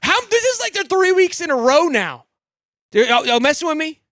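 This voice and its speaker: A young man hosting a live fan sports show, excitable and rambling, swearing freely and swinging from loud hype to low grumbling. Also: moderate pace, no room sound, clean studio sound. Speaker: sports podcast host.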